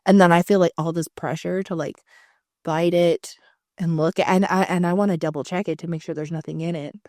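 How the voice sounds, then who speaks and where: A woman co-hosting a casual podcast chat, telling animated stories with lots of swearing and acted-out quotes. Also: lowish voice, brisk, no room sound, studio quality. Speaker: podcast co-host.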